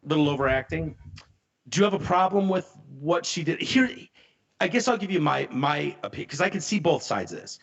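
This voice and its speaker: A man co-hosting a casual podcast, retelling a story with animated delivery and acting out the voices of the people in it. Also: a little high, fairly quick, gravelly, lo-fi sound. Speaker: podcast co-host.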